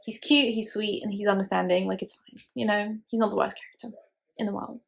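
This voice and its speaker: A woman's voice: medium pitch, steady tone, brisk, creaky. A young woman hosting a casual movie reaction video, chatty and opinionated with plenty of "like". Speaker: YouTuber host.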